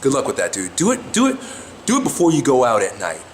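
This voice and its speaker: Brash male self-help vlogger, mid-pitched, swears freely; roomy echo, light background hiss. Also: wildly swooping pitch, fast. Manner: blunt, profane, keeps asking "right?". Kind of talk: casual coaching monologue. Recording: echoey room with faint noise.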